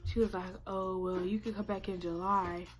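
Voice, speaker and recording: A teenage woman telling a story to her camera, animated and profane, acting out what people said. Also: medium pitch, normal speed, soft background music. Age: late teens. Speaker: vlogger. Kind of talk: casual storytime vlog. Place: indoor room by natural light.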